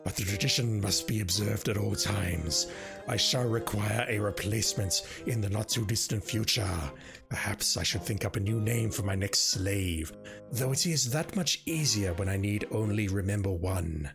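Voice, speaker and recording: A man's voice: on the low side, moderate pace, vocal fry. A man voicing a scheming evil male wizard, reading a letter with theatrical pomp over game music.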